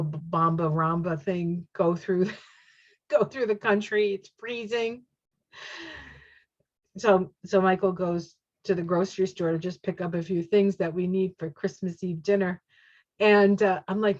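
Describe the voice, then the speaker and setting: A woman giving a casual tarot reading, chatty and excitable, reacting aloud to each card as she turns it. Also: medium pitch. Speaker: tarot reader. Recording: dull lo-fi sound.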